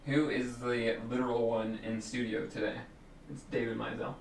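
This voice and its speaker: A man co-hosting a painting livestream, trading quick, teasing banter in casual chat. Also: mid-range voice, fairly even intonation, creaky. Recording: roomy, distant mic, noisy ambience.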